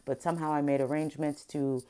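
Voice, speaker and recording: A woman's voice: deep voice, steady tone, quick pace, warm tone, clean tone. A middle-aged woman telling an upsetting story in a confessional vlog, emotional and full of restarts. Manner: emotional, venting, with many restarts. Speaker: vlogger and therapist.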